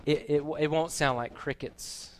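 A man preaching a sermon, moving between quiet, casual asides and loud, proclaiming readings of scripture. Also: a little high, fairly even intonation, unhurried, smooth. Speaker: pastor. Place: church.

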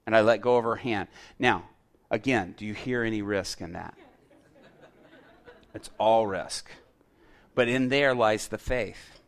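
A man's voice: fairly low pitch, measured pace, pauses often. A man preaching a sermon, telling a story and acting out the dialogue of the people in it. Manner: animated storyteller, acts out quoted dialogue.

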